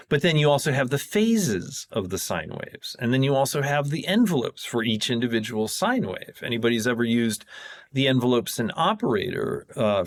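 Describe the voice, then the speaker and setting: Excitable man explaining synth science. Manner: rambling, self-correcting, jumps in pitch when excited. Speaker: podcast guest, sound designer. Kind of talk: casual technical explanation.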